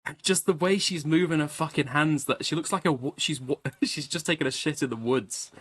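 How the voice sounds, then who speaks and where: A man's voice: fairly high pitch, fairly quick, a bit bright, breathy edge. A man giving crude, profane, mocking reaction commentary, laughing often as he talks.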